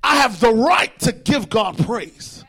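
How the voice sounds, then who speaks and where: A man preaching a fervent sermon in church, shouting and repeating his lines. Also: very high-pitched, animated, slow pace, slightly rough.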